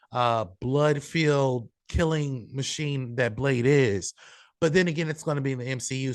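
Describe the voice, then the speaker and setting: A man's voice: fairly high pitch, no echo, clean studio sound. Rambling male podcast host. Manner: rambling, filler-heavy, self-correcting. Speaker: show host. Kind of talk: casual podcast chat.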